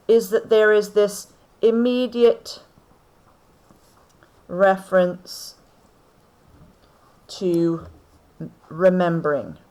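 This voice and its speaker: A woman teaches a class, unhurried and measured, pausing to check with "okay?" that her students follow. Her voice sits at an ordinary middle pitch. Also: low-quality recording. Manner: slow, deliberate explaining with frequent "okay?" checks. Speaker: English teacher. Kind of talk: recorded lesson on poetry.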